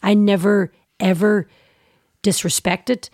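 A woman with a Derry accent, a guest telling lively stories in a casual interview, acting out quoted voices and saying "aye" a lot. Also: medium pitch, measured pace, dry recording, clean studio sound. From Derry, Northern Ireland. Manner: animated storyteller, acts out quoted voices, says "aye" often. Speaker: guest actor and singer.

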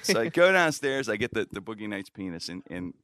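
A middle-aged man hosts a show, spinning a story in loose studio chat. His bright voice leaps widely up and down as he swears freely. He keeps slipping into the voices of the people he describes. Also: on the low side, brisk, dry recording. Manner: animated, swearing, acts out the people in his stories. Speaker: show host.

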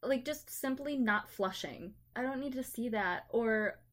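A young woman with a somewhat high voice tells work stories in relaxed chat. She is animated and slips into the voices of the people she describes. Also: unhurried. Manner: animated storyteller, acts out customers in quotes. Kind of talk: casual chat.

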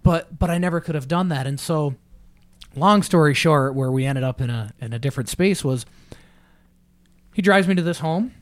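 A man's voice: a little high, moderate pace, pauses often. A man hosting a casual podcast, asking rambling, friendly questions and telling his own story. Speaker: podcast host. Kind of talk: casual interview.

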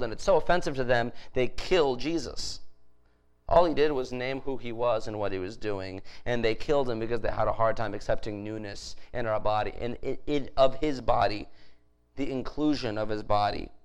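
A man's voice: medium pitch, rough recording. A man preaching a sermon in a conversational way, with frequent restarts and emphatic rises. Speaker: pastor.

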